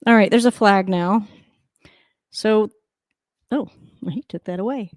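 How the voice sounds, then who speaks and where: A woman giving casual live reaction to a football game, with wry asides and a high coaxing voice for her dogs. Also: a little slow, dry recording, studio quality. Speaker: host of a football reaction channel. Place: at home.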